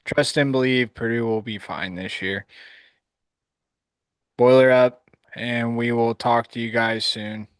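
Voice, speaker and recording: A man's voice: medium pitch, fairly even intonation, moderate pace, few pauses, fairly bright tone, no echo. A man co-hosting a live sports podcast, laid-back and teasing his co-host.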